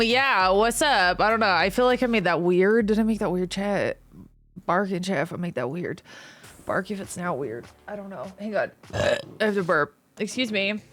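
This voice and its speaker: A woman's voice: medium pitch, lively intonation, moderate pace. A young adult woman streaming live, chatting casually and playfully, teasing and greeting her viewers by name. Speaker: livestreamer. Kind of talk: casual livestream chat.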